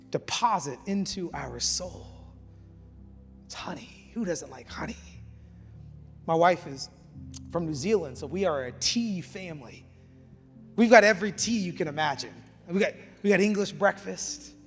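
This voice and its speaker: A man preaching as a campus pastor, passionate, rising to loud emphatic peaks and dropping to quiet, intimate passages. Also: fairly high pitch. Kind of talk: energetic sermon. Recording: reverberant hall with faint music.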